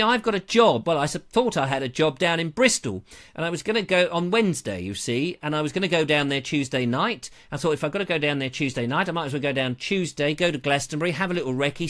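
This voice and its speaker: A man's voice: on the high side, fairly bright tone. Rambling, jokey English man hosting live. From England. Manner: rambling, jokey, self-mocking, slips into silly voices. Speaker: host of a live online show. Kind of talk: casual live-stream chat.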